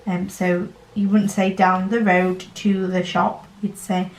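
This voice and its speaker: A woman's voice: mid-range voice, little pitch movement, slow, roomy sound, poor audio. A young woman with a Yorkshire accent, chatting casually and rambling with lots of fillers while she works on a craft project for her channel. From Northern England. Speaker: diamond painting channel host.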